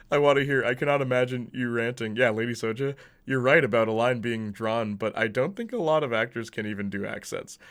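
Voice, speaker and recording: A man's voice: medium pitch, fairly bright tone. A man streaming a video game with casual commentary, chatty and laughing often as he reads viewer chat aloud. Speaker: gaming streamer.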